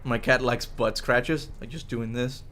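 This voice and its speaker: There's slight background noise as this man talks at an unhurried pace, his medium voice a bit bright and fairly even in intonation. He's a gaming streamer on a desk mic at home, out of breath, chatting casually and playfully on his livestream and baby-talking his cat.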